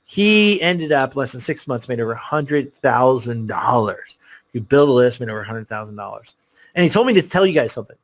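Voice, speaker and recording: A man pitches to his online audience at a rapid clip, his words tumbling out in an excitable, rambling story. His pitch sits in an everyday middle range, and he pads his sentences with fillers and restarts as he pushes toward a sales link. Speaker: webinar host selling a course. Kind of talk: live sales webinar pitch.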